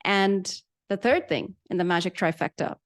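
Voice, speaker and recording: Woman coaching public speaking, lively. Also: medium pitch. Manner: lively, demonstrates pauses and pace changes, reads out participants' answers. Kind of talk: interactive coaching session.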